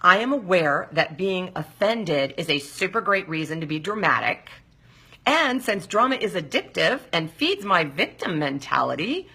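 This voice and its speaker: Talk show host, woman, husky with gravel in it, emphatic and questioning. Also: fairly low pitch, bright, forceful tone. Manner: emphatic, asks rhetorical questions. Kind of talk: live talk-show monologue.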